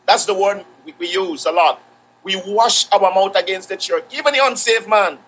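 A man's voice: high voice, moderate pace, a bit bright, slight background noise, rough recording. A man preaching a sermon, repeating phrases for emphasis and quoting scripture.

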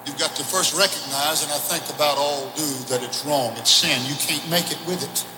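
A man preaching a revival sermon, impassioned, swinging from shouted declarations to hushed, intimate passages. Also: on the high side, normal speed, reverberant, noisy background. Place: large church or auditorium.

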